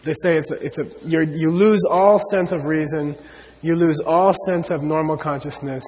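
Guy giving a dharma talk, kinda high voice, lots of "you know", big echoey hall. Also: fairly even intonation, moderate pace, a little mellow. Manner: earnest, repeats points, many "you know" fillers. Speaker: Buddhist teacher.

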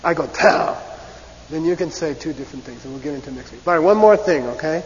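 A man teaching a class in a lively lecture style. He often checks in with "okay?" and acts out short debate phrases to show how they sound. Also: a little high, very fast. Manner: animated, repeats "okay?" and acts out debate voices. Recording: long reverb, dull lo-fi hiss.

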